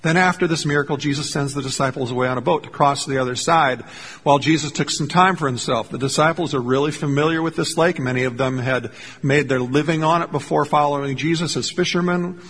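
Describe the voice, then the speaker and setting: A man preaching a sermon as pastor, telling a story earnestly and slowing down to stress key lines. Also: on the high side, a bit bright, husky, big-room sound. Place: church sanctuary.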